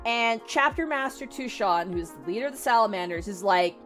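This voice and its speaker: A young woman streamer casually retelling a story, animated and full of filler words and swearing. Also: mid-range voice, brisk, few pauses, soft background music.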